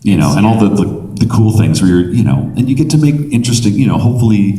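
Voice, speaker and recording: Deep-voiced man telling stories on a panel. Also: quick pace. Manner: lively storyteller, laughs while talking. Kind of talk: animated panel talk. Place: convention panel room. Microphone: audience camera from far off. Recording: echoey hall from far off.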